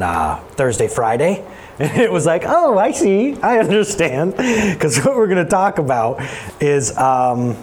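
A man preaching in a church as its pastor, with a conversational style that climbs high when he presses a point. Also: a little hiss or hum. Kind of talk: sermon. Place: church sanctuary.

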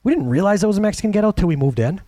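A man in his thirties preaching a sermon, animated, jumping between loud peaks and quiet, hushed asides. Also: high voice, rapid-fire, no echo. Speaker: pastor.

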